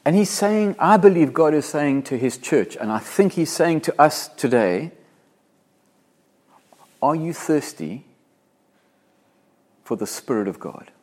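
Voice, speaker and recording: An earnest man from Africa preaching to his congregation, with a voice of middling pitch. He speaks with conviction and presses hard on key words. When he reads scripture, he slows down and lets his voice rise. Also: a little mellow. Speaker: pastor. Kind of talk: sermon.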